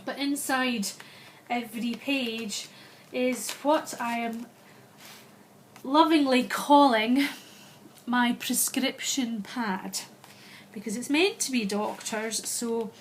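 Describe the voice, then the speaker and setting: A Scottish woman casually walking through her handmade album, chatty and unhurried, often pausing to find the right word. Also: on the high side, a little hiss or hum. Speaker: crafter showing a handmade album. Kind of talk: casual show-and-tell walkthrough.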